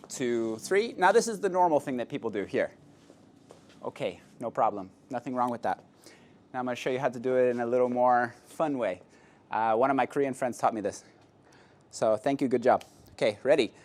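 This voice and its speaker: Playful male salsa instructor counting steps. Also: mid-range voice. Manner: playful, counts steps aloud, jokes and laughs. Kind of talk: dance class instruction.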